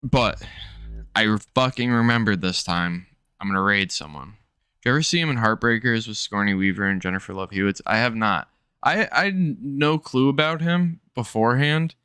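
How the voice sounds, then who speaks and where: Low, bright, crisp male streamer, dry close sound, offhand and profane. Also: normal speed, no room sound. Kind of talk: casual chat reacting to a clip.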